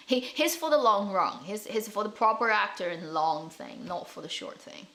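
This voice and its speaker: A woman hosting an online drama commentary channel, chatting casually in an animated, ranting way with frequent laughs and fillers. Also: medium pitch, normal speed, creaky. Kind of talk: casual chat.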